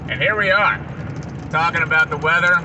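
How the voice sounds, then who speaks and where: A radio host from Iowa narrates a casual travel vlog from inside a moving car, offering chatty, wry running commentary. His voice sits on the high side at a normal speed, and the muffled recording carries road, car and traffic noise.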